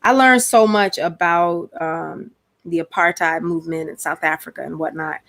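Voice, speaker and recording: A woman from Atlanta with a Georgia, US Southern accent hosts a casual live stream in a fairly low voice at normal speed. She's chatty, lively, and slangy, often exclaiming.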